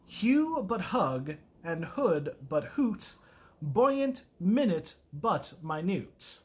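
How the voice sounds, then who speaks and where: A man casually reading a poem aloud, halting and self-mocking as he stumbles over words. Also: high-pitched, very animated. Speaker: video host.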